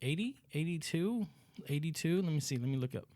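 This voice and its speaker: A man's voice: a little high, animated, fairly quick, a little mellow. A man co-hosting a podcast in casual chat, emphatic and swearing for emphasis. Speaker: podcast co-host.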